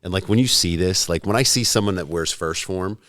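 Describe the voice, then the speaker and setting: A man's voice: deep voice, fairly quick, a bit bright, no echo, studio quality. A man in his forties, a podcast guest in casual chat, swearing freely and acting out both sides of remembered conversations. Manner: profane, storytelling, acts out both sides of conversations.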